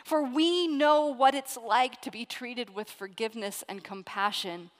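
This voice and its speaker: A woman preacher delivers a sermon with earnest storytelling, moving from loud emphasis to hushed asides. Her voice sits high. It rings with the long reverb of a large hall. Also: a little slow. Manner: earnest storytelling, swings between loud stress and quiet asides.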